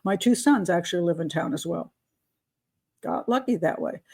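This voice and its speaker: A woman's voice: fairly low pitch, animated, moderate pace, darkish tone, breathy edge. An older woman from the United States hosting an advice show, talking in a chatty, unscripted way with asides. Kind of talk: casual advice monologue.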